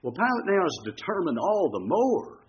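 Male preacher, lively storyteller, slightly high voice, dull lo-fi recording. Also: normal speed, slight background noise. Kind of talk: sermon.

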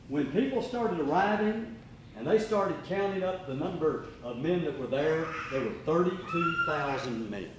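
An older man delivers a storytelling sermon, his slightly high voice leaping and falling with lively pitch. He swings between loud, ringing lines and hushed asides. The sound carries the echo of a roomy church. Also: slight background noise. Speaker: pastor. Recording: echoey room.

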